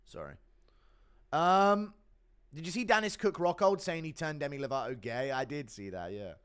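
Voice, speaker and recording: A man's voice: a little high, brisk, smooth. Profane rambling young streamer guy. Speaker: live streamer reading donations. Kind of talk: casual chat.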